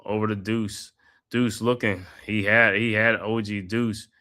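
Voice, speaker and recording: Man calling play-by-play, bright tone. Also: on the low side, unhurried. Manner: steady play calls, casual slang asides. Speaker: host. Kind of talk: live play-by-play commentary.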